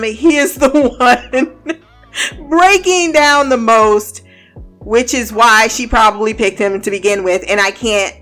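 A woman's voice: on the high side, fairly bright tone. A woman giving a casual, blunt and profane recap of a TV show, often breaking into laughter. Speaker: TV show reviewer.

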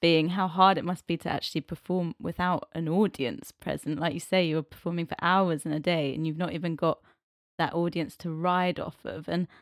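A woman's voice: on the low side, fairly even intonation, normal speed, no echo, studio quality. A woman hosting a podcast, asking long, thoughtful questions of her guests. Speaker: podcast host. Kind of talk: interview questions.

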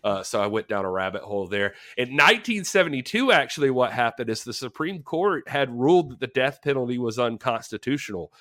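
A man with a bright, forward voice shares film history on a casual podcast. He tells it animatedly, with loose fillers. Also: medium pitch, lively intonation, fairly quick, few pauses. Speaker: podcast co-host.

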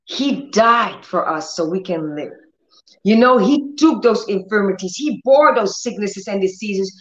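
A woman's voice: mid-range voice, animated, a little slow. A woman hosting a healing ministry stream, preaching and praying with bold commanding declarations. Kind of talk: livestream preaching and prayer. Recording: roomy, dull lo-fi stream audio.

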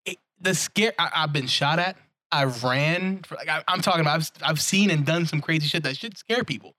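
Fast, bright-voiced young man. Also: on the high side, no echo, studio quality. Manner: animated storyteller, swears freely. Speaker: podcast co-host. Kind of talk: casual chat.

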